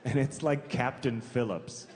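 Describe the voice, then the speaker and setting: A man performing stand-up comedy, telling a story in a conversational way, stacking asides and self-corrections and delivering absurd details deadpan. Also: mid-range voice, a little slow, background noise. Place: comedy club stage before a live audience. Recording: reverberant venue with crowd ambience.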